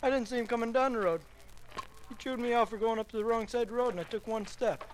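High, fast-talking male recruit. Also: slight background noise, low-quality recording. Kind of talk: casual anecdote.

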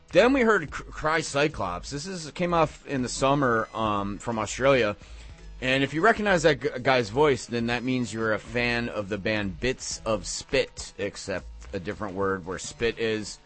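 A man's voice: lowish voice, a bit bright. A man filling in as a late-night radio DJ, chatting casually about punk records with rambling, enthusiastic tangents. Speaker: guest radio DJ.

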